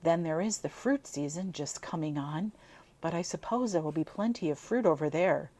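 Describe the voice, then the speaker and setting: A woman's voice: sits low, normal speed, warm tone. A woman reading aloud, giving voice to a sassy nineteen-year-old girl who teases in a cool, mock-innocent way. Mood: teasing.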